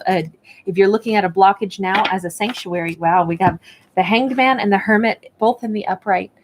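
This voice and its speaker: A woman giving a spoken tarot and oracle card reading at home, talking in a reflective, encouraging way with lots of fillers. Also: medium pitch. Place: indoors at a table with her card decks.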